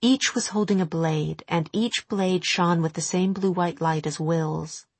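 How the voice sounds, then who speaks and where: A woman reading a storybook aloud in a steady, low-key narration. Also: unhurried, husky, dry recording. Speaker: audiobook narrator. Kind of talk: scripted narration.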